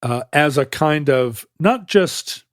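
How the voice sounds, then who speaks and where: A man's voice: a little high, animated, slow pace, no room sound. Dry-voiced man explaining at length. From United States. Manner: rambling, self-correcting, explanatory. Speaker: podcast co-host. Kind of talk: casual chat.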